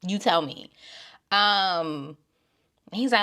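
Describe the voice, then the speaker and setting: A woman giving blunt, profane opinions in a casual vlog, dropping from low mutters to loud exclamations. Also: big pitch swings, moderate pace. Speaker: TV show reviewer.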